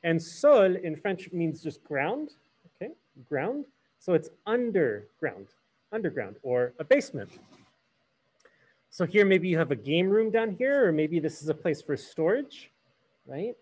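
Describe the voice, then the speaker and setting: A man's voice: fairly high pitch, very animated, measured pace, a little mellow, slightly rough. A man teaching a hybrid French class, switching between English and French and asking the students questions.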